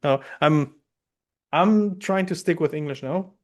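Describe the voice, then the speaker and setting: A man's voice: a little high, measured pace. A man with a German accent hosting a podcast, chatting casually in a hesitant way, full of fillers and restarts. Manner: hesitant, many fillers and restarts, laughs easily. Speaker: podcast host.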